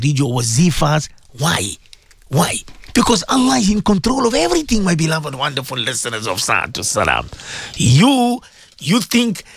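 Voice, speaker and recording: A man's voice: fairly high pitch, creaky, fairly bright tone, dry recording. Fervent man preaching on radio. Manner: fervent, repetitive, rhetorical questions. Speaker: radio presenter giving religious advice. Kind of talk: impassioned radio sermon.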